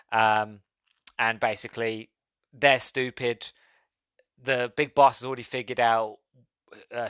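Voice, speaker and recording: Brief: male podcast host, chatty rambling review, mid pitch, dry close mic. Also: a bit bright, no echo. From Britain. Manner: rambling, laughs often, goes off on tangents. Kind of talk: casual film review.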